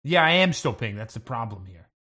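A man playing the captain on the bridge in an improvised sci-fi role-play, delivering absurd lines in a deadpan, matter-of-fact way. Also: medium pitch, a little fast. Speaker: player as ship's captain on the bridge.

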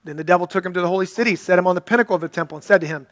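A man's voice: high-pitched, racing, fairly bright tone, no echo. A male pastor preaching an earnest, conversational sermon and reading scripture aloud.

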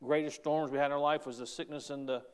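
A middle-aged man with a Southern US accent, preaching a sermon as pastor, swinging from hushed asides to loud, emphatic exclamations. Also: on the high side, fairly even intonation, quick pace, smooth.

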